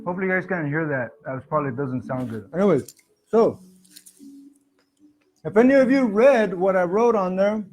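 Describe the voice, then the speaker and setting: A man's voice: high-pitched, a little mellow. Rambling man on a livestream. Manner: loose, rambling, chatty with viewers. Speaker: spiritual livestream host. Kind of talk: casual spiritual livestream talk. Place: home, music playing softly behind. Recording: faint music in background.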